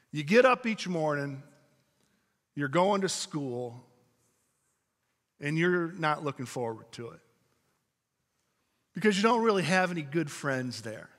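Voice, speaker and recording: Storytelling and calling out to the congregation, a pastor delivers a sermon in a somewhat high, pushed, bright voice. Long hall reverb fills the church sanctuary recording.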